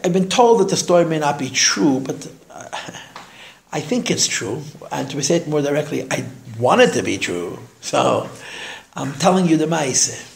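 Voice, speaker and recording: A man teaches a class through an animated storytelling lecture, raising his voice whenever he quotes someone and often repeating words while he thinks. His voice is a little high, with vocal fry.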